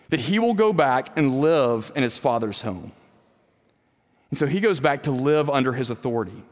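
A pastor giving an earnest sermon, asking the congregation rhetorical questions. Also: male voice, fairly high pitch. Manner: earnest preaching with rhetorical questions, growing quiet and soft near the end. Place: church sanctuary. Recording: long reverb of a church hall.

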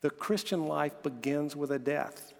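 A man's voice: fairly high pitch, unhurried, vocal fry, in a large hall. A man delivering a sermon as pastor, earnestly preaching, telling stories and reading scripture aloud.

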